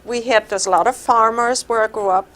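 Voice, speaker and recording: A woman's voice: a little high, fairly even intonation, fairly quick, fairly bright tone. Austrian lady, middle-aged, chatty club speech about growing up, laughs a bit. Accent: Austrian German. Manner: conversational, laughs while telling stories. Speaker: club speaker. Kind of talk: personal speech at a meeting.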